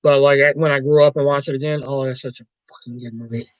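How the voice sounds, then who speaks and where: A man's voice: mid-range voice, steady tone, fast talker, dry recording, lo-fi sound. A man hosting a livestream, chatting casually about movies in a rambling, profane way. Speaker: livestream host.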